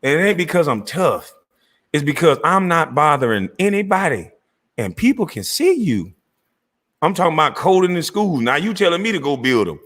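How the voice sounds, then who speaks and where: Lively, bright-voiced man ranting. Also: on the high side, moderate pace. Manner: profane, confrontational and mocking, with bursts of laughter and shouting. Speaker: channel host. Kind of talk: angry rant to camera. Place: Georgia, USA.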